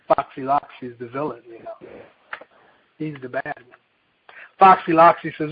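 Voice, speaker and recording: A male pastor preaching a sermon, telling a children's story in a folksy, animated way before reading scripture. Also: fairly high pitch, a little slow, pauses often, slightly rough. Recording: dull lo-fi recording.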